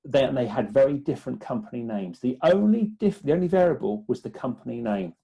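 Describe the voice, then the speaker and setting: A man who is a business development guest on an interview, speaking haltingly with many restarts. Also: mid-range voice, lively intonation, gravelly, warm tone. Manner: hesitant, many restarts and fillers. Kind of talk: conversational interview.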